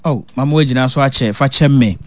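A man hosting a call-in radio show, taking callers and reading out phone numbers slowly. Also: mid-range voice, darkish tone, dry recording.

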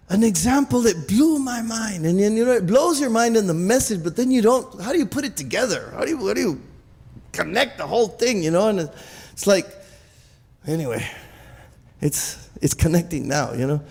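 A man preaching with a high, gravelly voice that rings out in a hall with a long reverb. He is animated, stumbles and repeats words, and keeps calling for amens from the congregation. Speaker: pastor. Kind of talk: sermon.

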